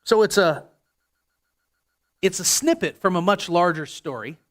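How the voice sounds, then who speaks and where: A man's voice: sits high, animated, measured pace. A male pastor delivering a sermon in a conversational, jokey way, often restarting his sentences.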